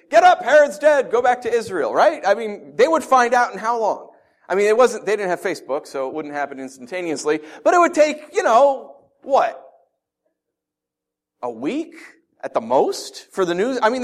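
A man preaching a conversational sermon, telling stories and asking his listeners rhetorical questions. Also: high voice. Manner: animated storytelling with rhetorical questions. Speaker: pastor.

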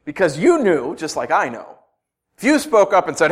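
Animated man preaching a sermon. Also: on the high side, normal speed, husky. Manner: animated, conversational preaching with asides and jokes. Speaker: pastor.

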